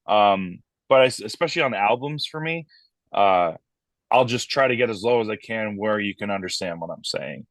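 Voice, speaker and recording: A man's voice: lowish voice, moderate pace, no room sound. A man who fronts a metal band, chatting casually as an interview guest, swearing freely and acting out voices as he tells stories. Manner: animated storyteller, swears freely, acts out quoted voices.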